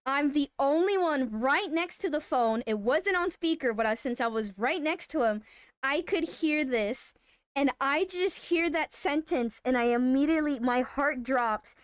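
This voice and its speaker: A woman streamer telling a story in casual live-stream chat, animated and swearing freely. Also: sits high, measured pace, no echo, studio quality.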